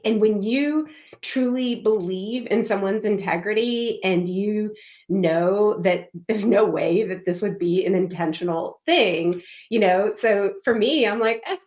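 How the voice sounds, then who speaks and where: A woman's voice: medium pitch, highs cut off. A woman on a casual panel chat, encouraging and reflective, speaking in long flowing sentences.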